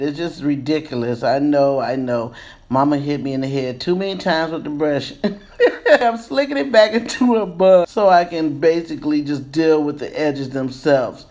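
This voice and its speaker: A woman in her fifties giving a casual, playful hair tutorial, breaking into excited squeals. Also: on the low side. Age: 50s. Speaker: beauty vlogger.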